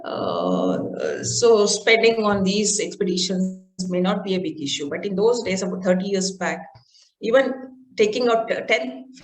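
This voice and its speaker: A woman with an Indian English accent, a mountaineer guest in a podcast interview, explaining things step by step with frequent "uh" pauses. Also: mid-range voice, sing-song. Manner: explains step by step with many "uh" fillers. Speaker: guest, mountaineer and marathon runner. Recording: roomy echo.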